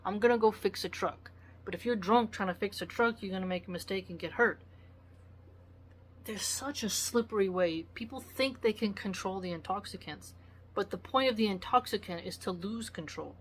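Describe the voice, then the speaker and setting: A woman's voice: mid-range voice, moderate pace, slight background noise. A woman giving blunt, preachy solo commentary, lecturing with acted asides. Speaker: vlogger.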